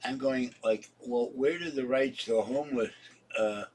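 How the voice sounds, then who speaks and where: A man in his seventies, sick and hoarse, rambling casually to his viewers about his day and laughing at his own jokes. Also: mid-range voice, moderate pace, a little mellow, far from the mic. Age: 70s. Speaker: vlogger. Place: home.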